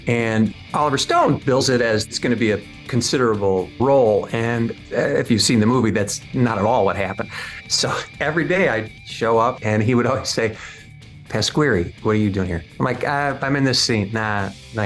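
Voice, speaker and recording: A man tells a story in a wry, deadpan way, with his voice sitting in an ordinary middle range. Faint music plays softly behind him. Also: mid-range voice, normal speed. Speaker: actor telling a story. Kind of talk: anecdote.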